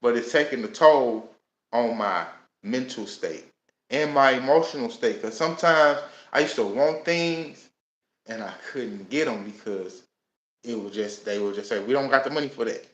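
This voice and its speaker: A man's voice: medium pitch, a little slow. Man telling his life story, echoey room. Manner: casual and animated, with many laughs and voiced asides. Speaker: host. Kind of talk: personal storytelling.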